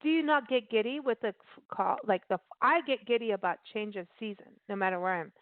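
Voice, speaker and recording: A woman radio host chatting casually and telling stories with bubbly, animated energy. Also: fairly high pitch, fast talker, dry recording. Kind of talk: casual chat over a call. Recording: tinny phone-line sound, dry.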